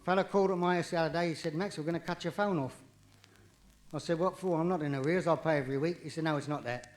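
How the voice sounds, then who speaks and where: A man doing live stand-up comedy, cheeky and quick, with jokes that rise into punchlines. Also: a little high. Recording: vinyl live recording, audience laughter, distant.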